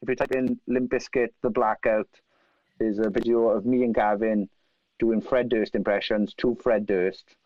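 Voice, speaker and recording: A man from South Wales with a Welsh accent, telling animated, profane anecdotes and acting out other people's lines. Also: fairly low pitch, moderate pace, dry recording. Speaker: guest musician. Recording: dry, slightly dull lo-fi sound.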